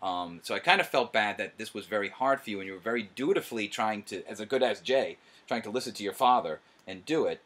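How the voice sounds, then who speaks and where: A middle-aged man hosting a casual commentary chat, excitable and quick to laugh. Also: lowish voice. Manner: animated, laughs often, excitable. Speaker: host.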